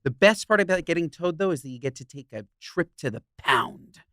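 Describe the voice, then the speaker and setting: A man's voice: on the high side, brisk, dry recording, studio quality. A man co-hosting a podcast, ranting in a joking, profane way in casual chat. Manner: animated ranting, profane, jokey. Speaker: podcast co-host.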